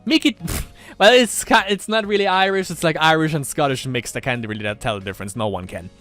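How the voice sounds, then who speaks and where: A man's voice: fairly high pitch, fairly quick, a bit bright, soft background music. A man doing casual let's-play commentary, reading a visual novel aloud with rambling asides and frequent laughter.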